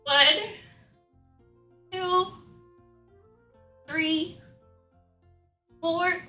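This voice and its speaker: Brief: breathless giggly woman streamer, bright voice, unhurried chatter. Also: very high voice, steady tone, soft background music. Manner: giggly, laughs often between words. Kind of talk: casual livestream chat.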